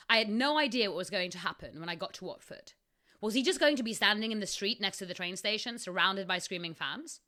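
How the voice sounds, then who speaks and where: Bright-voiced woman reading her story aloud. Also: medium pitch. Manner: laughs often, breaks off into asides. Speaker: podcast host and story narrator.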